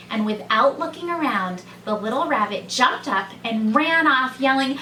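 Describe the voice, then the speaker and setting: A woman who reads a children's story aloud slowly and gently, as a teacher. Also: on the high side, expressive, a little hiss or hum. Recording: echoey room, mic far off, faint ambience.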